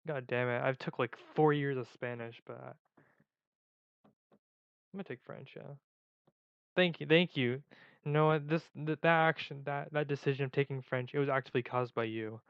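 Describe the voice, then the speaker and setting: A man's voice: mid-range voice, steady tone, moderate pace, creaky, clean tone, no room sound, lo-fi sound. A man in a casual vlog who rambles and jokes at his own expense. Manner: rambling, joking, self-mocking. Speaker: video creator.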